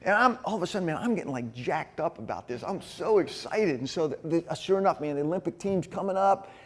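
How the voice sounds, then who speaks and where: Animated male group leader, higher voice, storytelling to a room of men. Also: fast. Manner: storytelling, energetic, acts out scenes. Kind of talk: animated church talk.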